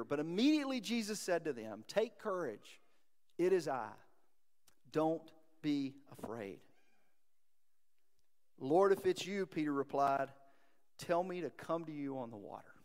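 A middle-aged male pastor preaching a sermon, retelling scripture with animated storytelling that rises with emphasis. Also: fairly high pitch. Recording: long reverb of a hall.

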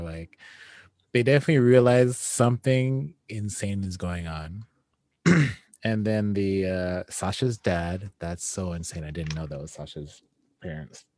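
A man's voice: low voice, a little mellow, no echo. A man co-hosting a podcast, talking casually about an anime episode, hesitant and correcting himself as he thinks aloud. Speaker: podcast co-host.

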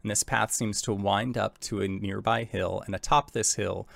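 A man narrating a tabletop game as game master, describing scenes in a relaxed way full of fillers. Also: on the low side, moderate pace, creaky, dry recording.

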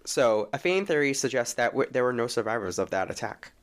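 A man's voice: mid-range voice, lively intonation, a little fast. Easygoing man going through his notes. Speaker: podcast guest. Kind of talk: casual chat.

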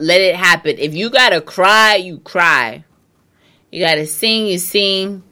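A woman talks straight to her listeners in a casual advice monologue, blunt and emphatic and cursing freely. She takes her time and sits a little low in her range, and she keeps hiccuping. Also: unhurried, sharp tone. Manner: emphatic, repetitive, blunt with profanity.

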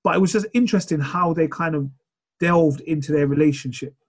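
A man chatting casually on a podcast, retelling a show in a rambling, animated way. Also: fairly high pitch, fairly quick.

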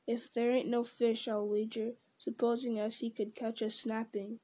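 A stubborn, wary manservant, voiced by a woman reading aloud, muttering darkly to himself. The voice is a bit high but mellow. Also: level tone, normal speed, lightly acted. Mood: suspicious.

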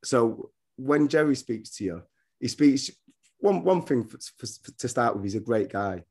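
A man's voice: mid-range voice, lively intonation, normal speed, darkish tone, slightly rough. A middle-aged man, a former footballer and coach, talking casually as a guest and telling rambling stories with many restarts. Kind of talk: casual podcast interview.

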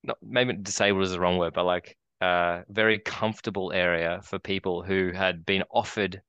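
A man's voice: sits low, steady tone, normal speed, fairly bright tone, clean tone, no echo, lo-fi sound. An Australian man in his forties, co-hosting a podcast and telling a long rambling story with many restarts. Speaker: podcast co-host. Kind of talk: casual chat.

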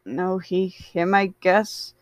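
A moody, awkward young man who hesitates and mumbles, as a woman reads him. The voice stays close to her own, low-key and unsure. It sounds dry and close. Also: fairly even intonation, slow pace, no room sound.

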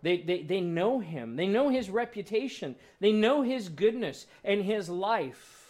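A man preaching a sermon with emotional swings, building to loud peaks and then dropping to a soft, low voice. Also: animated, a little slow. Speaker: pastor.

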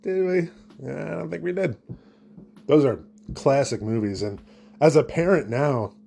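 A man's voice: medium pitch, measured pace, gravelly, dark tone, husky. A young man, a new father, hosting a solo comedy podcast in a rambling, jokey, self-deprecating way. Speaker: podcast host.

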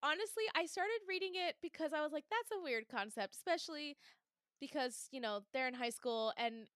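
A young adult woman hosting a casual fandom podcast, animated and laughing often as she acts out her reactions. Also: sits high, brisk, dry recording, studio quality. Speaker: podcast host. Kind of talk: casual chat.

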